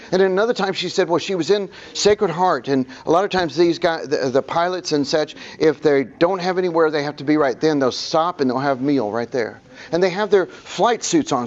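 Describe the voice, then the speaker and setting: A man's voice: fairly high pitch, highs cut off. A man presenting a public speaking workshop to a room, telling stories and acting out the people he quotes.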